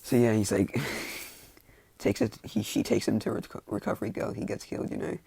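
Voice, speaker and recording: A man's voice: fairly low pitch, sing-song, moderate pace, creaky, mellow, a little hiss or hum. A young man casually retelling a fan-made story, rambling and self-mocking, with lots of "like" and restarts.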